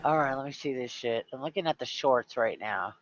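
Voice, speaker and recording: A man's voice: medium pitch, fairly quick, slight background noise. A man co-hosting a casual chat, exasperated and swearing, on dull lo-fi audio. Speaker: co-host.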